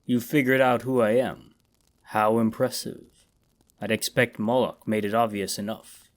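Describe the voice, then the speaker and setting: A man voicing a grim, weary ancient immortal in a horror story, with a deep voice and slow, somber delivery. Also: level tone, natural voice.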